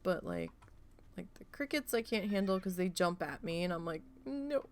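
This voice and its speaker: A woman streamer chatting casually while gaming, rambling and swearing freely as she tells an animated story. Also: lowish voice, moderate pace, slight background noise.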